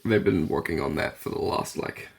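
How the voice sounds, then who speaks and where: A man's voice: a bass voice, moderate pace, creaky, slightly rough. A man co-hosting a podcast in casual chat, rambling and explaining at length with many fillers. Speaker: podcast co-host.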